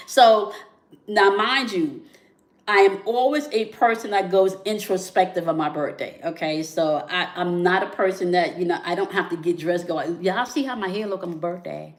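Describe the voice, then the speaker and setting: A woman's voice: mid-range voice, expressive, normal speed. A woman in her bedroom telling a personal relationship story in a casual, repetitive way, often checking in with "okay?" and "right?". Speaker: spiritual content creator.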